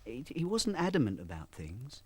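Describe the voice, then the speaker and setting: A man's voice: medium pitch, huge pitch swings, normal speed, darkish tone, husky. A man recalling memories in a documentary interview, speaking reflectively and stumbling over his words.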